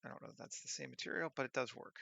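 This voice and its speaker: A man's voice: medium pitch, racing, gravelly, bright, forceful tone, no echo, lo-fi sound. A man working on a 3D scene who thinks aloud, muttering half-finished commands to himself.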